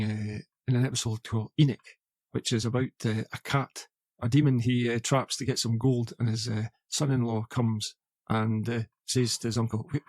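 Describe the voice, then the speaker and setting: A man's voice: mid-range voice, darkish tone, dry recording. A man co-hosting a podcast, chatting casually about an old film, rambling with lots of fillers and restarts. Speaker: podcast co-host.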